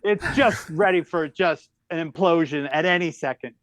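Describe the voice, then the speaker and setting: A comedian in his fifties telling a story in a lively, exaggerated way as a podcast guest. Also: on the high side, moderate pace, dry recording. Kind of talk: animated storytelling.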